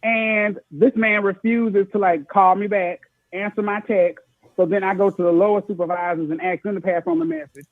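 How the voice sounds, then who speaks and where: A male caller venting his frustration in a long, ranting complaint. His voice is fairly high and comes through a tinny, dry phone line. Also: steady tone, moderate pace, no echo. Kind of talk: call-in commentary.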